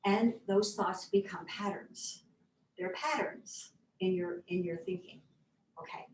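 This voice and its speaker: A woman reflecting in a thoughtful, halting conversational way, sometimes dropping to soft near-whispers. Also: medium pitch, steady tone. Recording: echoey room, mic at a distance, faint noise.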